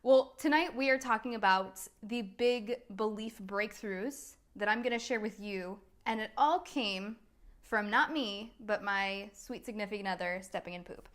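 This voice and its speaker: A woman's voice: mid-range voice, measured pace, a bit bright. A woman, a coach talking casually on a live video, chatty and laughing at herself. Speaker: business strategy and NLP coach, host.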